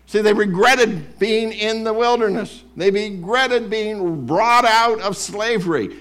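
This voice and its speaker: A male pastor preaching a sermon in church, animated and mimicking grumblers. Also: sits high, slow, hardly any pauses. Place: church sanctuary.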